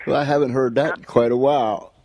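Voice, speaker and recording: A man's voice: mid-range voice, fairly even intonation, fast, darkish tone. A middle-aged man from Altoona with a Pittsburgh accent, hosting a radio interview in an easygoing, chatty way. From Altoona, Pennsylvania, USA. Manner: easygoing, chatty, laughs along. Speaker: radio show host.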